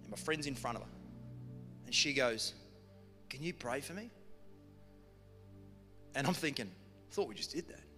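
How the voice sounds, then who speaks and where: A man's voice: mid-range voice, animated, moderate pace, pauses often, pushed and bright. A man preaching a sermon, telling a story in a humorous, conversational way. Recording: long hall reverb with music behind.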